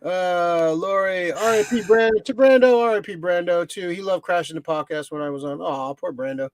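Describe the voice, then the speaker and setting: A man hosts a podcast in a loose, rambling chat, his voice sitting high for a man. He leans on fillers and swears without a second thought. The sound is close and dry, with no room to it. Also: moderate pace, clear, resonant tone, dry recording. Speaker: podcast host. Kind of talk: casual chat.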